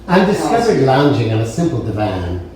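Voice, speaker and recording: A man telling stories from his stage career, animated and chatty, and he slips into singing bits and voicing other people. He sits some distance from the mic in a very roomy, echoing room with a soft hiss underneath. His pitch sits in an ordinary middle range. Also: normal speed. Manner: animated storyteller, acts out dialogue and sings snatches. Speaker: interviewee, stage performer. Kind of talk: casual anecdote telling.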